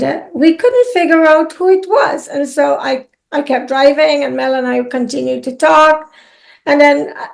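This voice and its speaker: A woman hosting a casual talk, telling a personal story with quick asides. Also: sits high, gravelly. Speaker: channel host.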